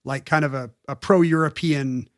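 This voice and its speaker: A man with a fairly high voice tells a history story on a podcast, slipping in jokey asides and little put-on voices. His sound is close and dry, with no room around it. It feels like a relaxed chat between friends. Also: unhurried, dry recording. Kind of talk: casual comedic history chat.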